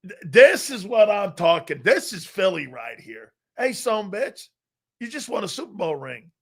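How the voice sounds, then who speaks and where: Animated Philly sports talk host. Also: male voice, sits high, normal speed, slightly rough. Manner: animated, laughing, bantering, profane. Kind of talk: live sports talk show commentary.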